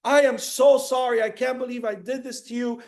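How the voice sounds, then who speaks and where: A man voicing a hot-tempered king in a told fable, shouting his outbursts. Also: extremely high pitch, steady tone, normal speed. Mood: remorseful.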